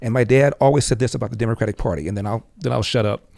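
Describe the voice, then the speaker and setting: A fast-talking older man with a gravelly edge tells a personal story as a podcast guest. The sound is dry and close, with no room in it. He brings the story to life by acting out what each person said. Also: mid-range voice, dry recording. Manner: animated storyteller who acts out quoted dialogue.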